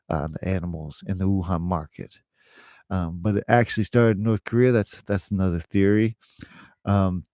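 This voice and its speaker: A man's voice: on the low side, a little mellow, no echo, clean studio sound. A middle-aged man, an English teacher, chatting casually to camera in a rambling way, with fillers and laughs.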